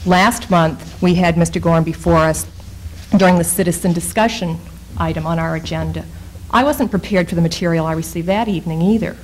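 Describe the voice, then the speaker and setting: Woman, town councilor, firm, measured, frustrated, lowish voice. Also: steady tone, a little mellow, a little hiss or hum, low-quality recording. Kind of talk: public meeting remarks.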